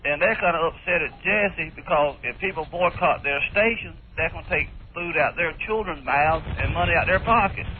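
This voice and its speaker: A man's voice: a little high, a little hiss or hum. A man from South Carolina with a Southern accent, calling into a radio show and speaking hesitantly. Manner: hesitant, halting. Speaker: caller. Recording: tinny phone line, faint music.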